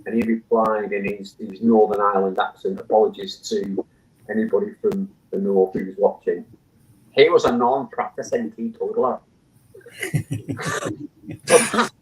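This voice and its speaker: A man's voice: lowish voice, flat delivery, a little slow, long pauses, rough recording. A man speaking as a guest on a casual panel discussion, enthusiastically telling stories and reading quotes aloud, with frequent restarts. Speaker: guest, memorial foundation chairman.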